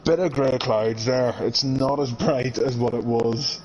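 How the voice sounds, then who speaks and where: A man giving casual live commentary on an online sim race, chatty and quick to laugh. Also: medium pitch, a little mellow, lo-fi sound, slight background noise. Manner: chatty, laughs often, reads out viewer comments.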